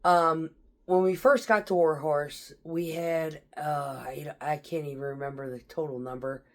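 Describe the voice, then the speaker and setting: A woman's voice: low-pitched, steady tone, unhurried. A woman military veteran telling stories from her tours in a blunt, profane, casual way, laughing through tense memories. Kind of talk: casual storytelling.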